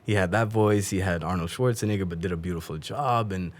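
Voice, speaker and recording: A man whose first language is Dari, chatting quickly and animatedly as a podcast guest, often laughing. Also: low-pitched. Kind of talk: casual interview chat.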